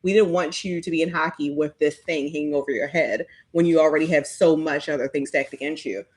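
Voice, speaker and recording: A woman co-hosting a fan podcast live stream, gushing and animated in casual chat. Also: deep voice. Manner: animated, gushing, quick to laugh. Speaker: podcast co-host.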